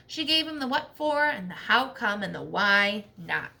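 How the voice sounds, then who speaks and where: A woman teacher reading a storybook aloud to children, expressive and checking in with questions. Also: mid-range voice, moderate pace, vocal fry, few pauses.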